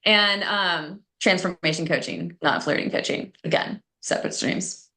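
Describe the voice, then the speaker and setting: A woman's voice: fairly low pitch, moderate pace, pushed and bright. A woman, a guest transformation coach, chatting casually on a podcast, telling stories with frequent laughs and acting out quoted lines.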